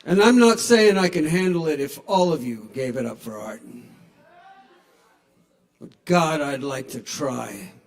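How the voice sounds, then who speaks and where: A man works a small bar crowd through a stage microphone, playful and self-mocking. His voice sits high for a man. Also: unhurried. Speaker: stand-up comedian. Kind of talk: stand-up comedy set. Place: small bar at a live open mic. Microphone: handheld stage microphone.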